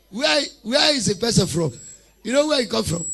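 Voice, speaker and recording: A man with a Nigerian accent preaching a sermon, telling humorous stories with mimicked voices and shouting prayer lines for the congregation to repeat. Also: very high voice, creaky, slightly rough. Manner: humorous storytelling, mimics congregants, laughs often. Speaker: prophet preaching.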